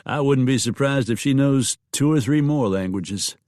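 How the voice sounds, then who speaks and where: A man's voice: medium pitch, moderate pace, a little mellow, no room sound, studio quality, voice pushed up, lightly acted. A man doing an easygoing gunfighter.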